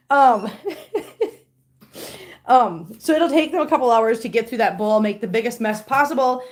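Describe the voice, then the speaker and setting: A woman's voice: a little high, expressive, moderate pace. A middle-aged woman hosting a casual livestream, chatting to viewers and cooing baby talk at her kittens. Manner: answers viewer comments aloud. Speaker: livestream host with cats.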